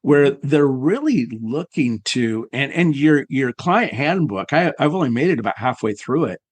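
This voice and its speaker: Halting man hosting an interview. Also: medium pitch, lively intonation, dry recording. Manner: halting, searches for words with many fillers. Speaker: podcast host. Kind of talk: conversational interview.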